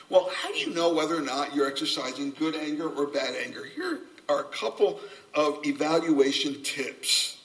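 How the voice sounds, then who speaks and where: A man preaching a sermon, animated, acting out quoted voices and repeating his key phrases. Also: fairly high pitch, normal speed, distant mic, low-quality recording. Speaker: pastor.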